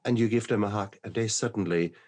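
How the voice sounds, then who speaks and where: A man's voice: fairly low pitch, fast, darkish tone. A man from New Zealand hosting a podcast interview, talking thoughtfully and searching for his words as he goes. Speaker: podcast host. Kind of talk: conversational interview.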